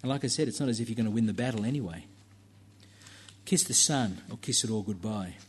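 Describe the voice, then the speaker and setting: A man's voice: on the low side, quick pace, slightly rough. A man preaching a sermon in a church, talking conversationally with fillers and asides to the congregation.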